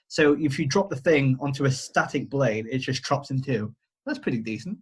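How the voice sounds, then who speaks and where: A man's voice: mid-range voice, animated, normal speed, breathy edge. A man co-hosting a podcast over a video call, retelling a myth in a rambling, hesitant way with self-mocking jokes. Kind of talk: casual storytelling chat. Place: home, remote call.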